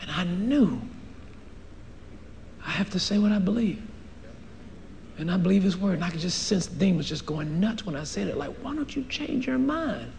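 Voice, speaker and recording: A man pastor preaching a sermon, animated, acting out little dialogues and laughing often. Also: high voice, normal speed, pauses often, a little hiss or hum.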